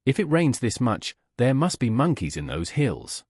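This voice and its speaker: A man's voice: medium pitch, very animated, normal speed, a little mellow, breathy edge, no echo, studio quality. A man voicing a furious, insistent female tourist who huffs her arguments. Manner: huffing, insistent.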